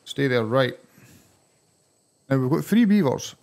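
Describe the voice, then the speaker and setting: A man with a Scottish accent giving excitable let's-play commentary as he plays, breaking into surprised exclamations. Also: mid-range voice, a little slow, vocal fry. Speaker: gaming channel host.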